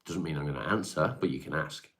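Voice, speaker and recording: A laid-back man hosts a live stream, reading out viewer comments and answering them. His voice sits very low, and he talks in a loose, offhand way with casual swearing. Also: fast talker, a bit bright.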